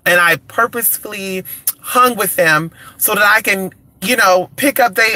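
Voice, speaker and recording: A man from California chats casually on a live stream in a bright, forceful voice that sits a little high. He is flamboyant and sassy, calls his listeners honey and keeps cheering the chat on with "come on". He talks into a phone or computer mic. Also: moderate pace.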